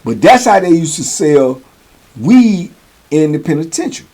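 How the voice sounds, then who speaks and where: Husky man telling a story casually. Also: a little high, very animated, normal speed, dark tone. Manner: conversational, keeps asking "you know what I'm saying". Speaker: host.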